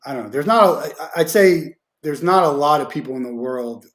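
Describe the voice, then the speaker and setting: A man hosting a podcast, talking casually in a halting way, often restarting sentences while he searches for words. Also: fairly high pitch, lively intonation. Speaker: podcast host. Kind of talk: casual interview talk.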